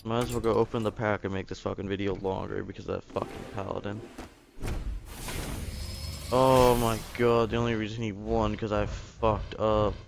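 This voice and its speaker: A man's voice: on the low side, flat delivery, quick pace, vocal fry, hardly any pauses, background noise. A young man commentating his own card game, angry at himself, swearing and grumbling about a loss. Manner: angry, swearing, self-blaming. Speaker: gaming video host. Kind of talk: frustrated gameplay commentary.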